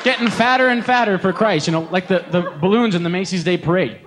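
A man preaching from a concert stage in a folksy, joking, animated storytelling way. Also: sits high, fast, over a noisy crowd, very noisy. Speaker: singer and preacher. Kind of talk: live concert sermon talk. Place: concert stage before an audience.

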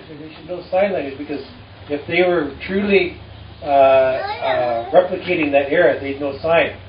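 A man's voice: fairly high pitch, slight background noise. A distant, echoey man teaching a crowd. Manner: halting, with many fillers and dry humor. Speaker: musician and storyteller addressing an audience. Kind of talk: casual teaching talk to a live audience. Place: live performance before an audience. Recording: distant, roomy and dull with faint ambience.

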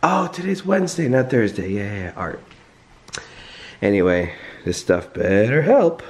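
Hoarse sick man vlogging from home. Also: on the low side, very animated, unhurried. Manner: rambling, with throat clearing. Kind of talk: casual morning vlog.

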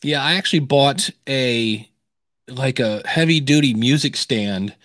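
A man co-hosting a podcast, telling stories in a casual, animated way and laughing easily. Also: medium pitch, a little slow, no echo, studio quality. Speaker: podcast co-host. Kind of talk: casual live-stream chat.

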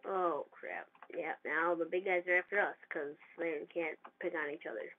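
A gamer giving casual, excitable commentary over their own gameplay and trash-talking opponents. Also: mid-range voice, moderate pace. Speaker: gamer narrating own play. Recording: tinny lo-fi mic with faint hiss.

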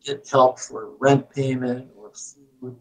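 A man in his eighties telling a story to his host in a casual, unhurried way, pausing on many "uh" fillers. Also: medium pitch, fairly even intonation, far from the mic, poor audio. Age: 80s. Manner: unhurried, halting, with frequent "uh" fillers. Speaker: guest.

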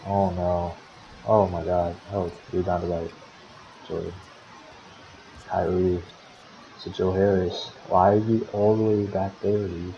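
A man's voice: deep voice, flat delivery, takes it slowly, pauses often, a little hiss or hum. A man casually calling the play-by-play of a simulated basketball game for his own team, swearing often and grumbling at his players. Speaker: team manager commentating a basketball sim league. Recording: dull lo-fi recording.

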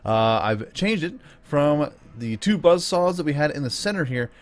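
A young man chatting through his own gameplay in an upbeat manner, breaking into whoops and yells when the fighting starts. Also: on the high side, lively intonation, normal speed. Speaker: gaming YouTuber. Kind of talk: let's play commentary.

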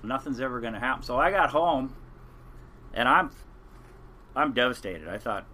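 A man's voice: medium pitch, brisk, pushed and bright, slight background noise. An older man, a former fishing captain, telling stories from his working years in a casual podcast interview, rambling and earnest with frequent restarts.

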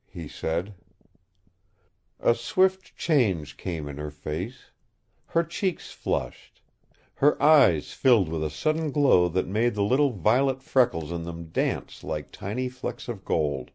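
An audiobook narrator with a warm, low male voice delivers scripted narration in a measured, expressive storytelling style.

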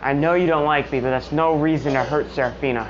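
A woman voicing a timid, quirkless teenage boy hero who speaks softly and hesitantly. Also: low-pitched, fast, lightly acted. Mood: unsure. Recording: muffled lo-fi audio with household noise.

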